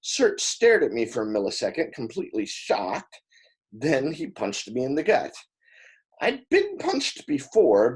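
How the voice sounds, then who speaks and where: Husky, lively male book reader. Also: medium pitch. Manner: lively, expressive first-person narration with small slips and laughs. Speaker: audiobook reader. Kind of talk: reading a novel aloud.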